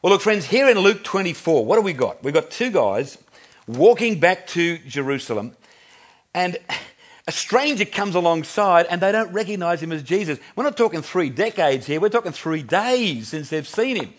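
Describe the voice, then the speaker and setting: A man in his fifties with an Australian accent, preaching a sermon in a relaxed storytelling way, chuckling and restarting his sentences as he goes. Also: high-pitched, normal speed. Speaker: pastor.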